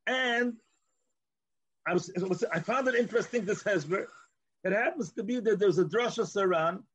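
A man's voice: high voice, normal speed, fairly bright tone, husky. A man teaching a Torah class, explaining as he goes and mixing in Hebrew and Yiddish terms, with frequent restarts.

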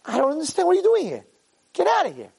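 Give me a man playing an exasperated cop, shrill and high-pitched, firing off disbelieving questions. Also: huge pitch swings, fast, creaky, a little mellow, full character voice. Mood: incredulous. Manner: incredulous, demanding questions. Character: baffled, exasperated male police officer.

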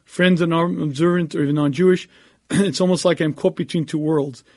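A rabbi delivers an earnest, emphatic Torah lecture, then takes questions from his audience. His voice sits high for a man, and he keeps clearing his throat as he speaks. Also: fairly even intonation, moderate pace, darkish tone. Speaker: rabbi giving a talk.

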